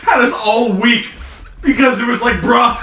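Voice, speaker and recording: A man co-hosting a casual podcast with friends, telling game stories excitedly, laughing and swearing. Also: very high-pitched, normal speed. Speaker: podcast co-host. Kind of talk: casual chat among friends. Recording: roomy echo, distant mic, faint noise.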